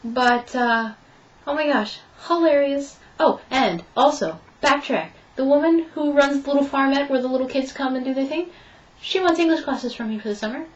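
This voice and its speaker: A woman's voice: high voice, normal speed, highs cut off. A young woman telling a story in a casual vlog update, chatting and acting out both sides of her conversations. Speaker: vlogger.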